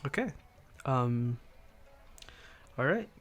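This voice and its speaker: A man narrating a tabletop game as game master, halting and correcting himself as he goes. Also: medium pitch, big pitch swings, a bit bright.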